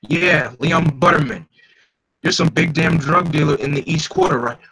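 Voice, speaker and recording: A man voicing a cocky young male masked antihero in a comic read aloud, with a slow, taunting delivery. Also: on the high side, creaky, sharp tone, breathy edge, voice pushed up, heavily acted, rough recording.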